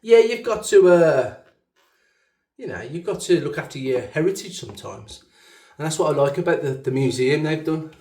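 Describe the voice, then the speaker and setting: A man's voice: fairly high pitch, lively intonation, moderate pace, mellow. A man with a Black Country accent chatting in a rambling, self-mocking way while he shaves at a bathroom sink. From English West Midlands. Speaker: shaving channel host. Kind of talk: casual chat while shaving. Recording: echoey bathroom sound.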